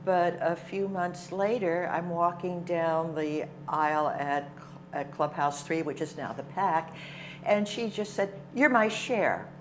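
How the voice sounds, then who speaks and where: A woman's voice: on the low side, fairly even intonation, unhurried. Enthusiastic older woman guest. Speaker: guest, community performer. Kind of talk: casual chat. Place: television studio.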